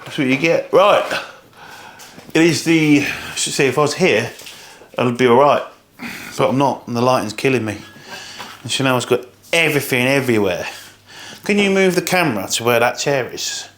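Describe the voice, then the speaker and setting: A young man, a fitness coach, talking casually and fast while cooking, swearing a lot and sounding tired. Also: medium pitch, a bit bright, a little hiss or hum.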